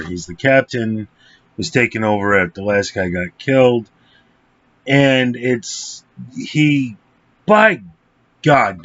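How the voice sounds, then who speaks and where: A man's voice: medium pitch, lo-fi sound. Blunt, rambling man reviewing a film. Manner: blunt and profane, with frequent fillers. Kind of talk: casual, rambling movie review.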